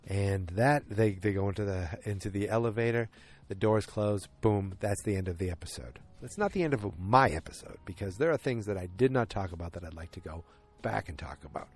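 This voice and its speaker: A man's voice: lowish voice, a little fast. A man hosting a solo podcast, recapping episodes in a loose, rambling way and often correcting himself mid-sentence. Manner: rambling, frequent self-corrections and restarts; animated when retelling scenes. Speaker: podcast host.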